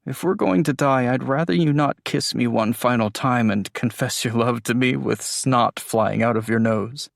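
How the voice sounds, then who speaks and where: A man narrating an audiobook voices a teasing, tender young man with a raised pitch and a playful manner. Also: normal speed, creaky, hardly any pauses, no echo, clean studio sound, lightly acted. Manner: playful, joking.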